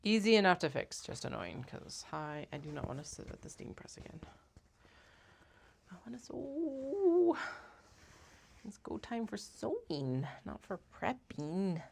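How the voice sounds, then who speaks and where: A woman's voice: low-pitched, very animated, moderate pace, vocal fry, hardly any pauses, slight background noise. A woman giving casual running commentary while cutting fabric on a craft live stream, chatty and wry, swearing and laughing at herself.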